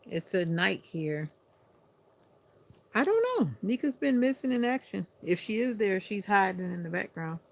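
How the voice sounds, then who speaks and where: A sleepy woman hosting a livestream, chatting to viewers in an unhurried, casual way. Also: mid-range voice, gravelly. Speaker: livestream host.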